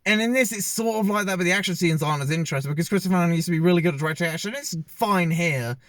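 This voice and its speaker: Male film reviewer, slightly high voice, loose and hesitant delivery, dead-dry recording. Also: very fast, a bit bright, no room sound. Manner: rambling, hesitant, many fillers and restarts. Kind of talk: casual spoken movie review.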